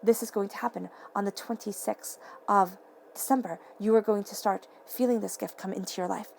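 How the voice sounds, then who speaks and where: A woman giving a tarot reading to camera, earnest and excitable, repeating affirming phrases and sometimes tripping over her words. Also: medium pitch, brisk, vocal fry, slight background noise. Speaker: tarot reader. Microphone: camera mic.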